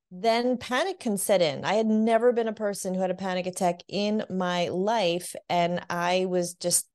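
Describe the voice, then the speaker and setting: A woman working as a divorce coach, speaking candidly in an interview and telling her story with lively acted quotes. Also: medium pitch. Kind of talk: interview conversation.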